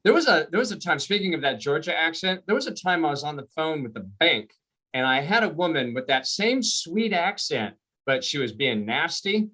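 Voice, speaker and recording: A man doing a stand-up comedy set on a video call, telling stories in an animated way and laughing at his own jokes. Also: on the high side, normal speed.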